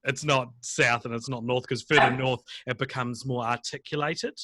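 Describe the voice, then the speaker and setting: A New Zealand man hosts a casual film podcast over a video call. His voice is bright and forward, his sound dry and close, and he rambles, restarts and laughs as he talks. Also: mid-range voice, fairly even intonation, normal speed, no echo. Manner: rambling, self-interrupting, laughs often. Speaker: podcast host.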